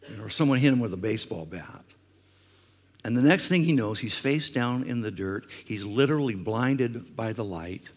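A man's voice: medium pitch, lively intonation, normal speed, darkish tone. A male pastor preaching a conversational sermon with frequent fillers, who acts out questions in a raised voice. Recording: long hall reverb.

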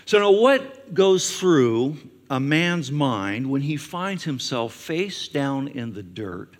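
A male pastor preaching a conversational sermon with frequent fillers, who acts out questions in a raised voice. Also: mid-range voice. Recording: long hall reverb.

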